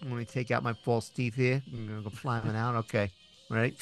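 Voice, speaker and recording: A man's voice: mid-range voice, flat delivery, a little fast, faint music behind. A man co-hosting a podcast in casual, jokey banter, rambling and cursing freely. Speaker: podcast co-host.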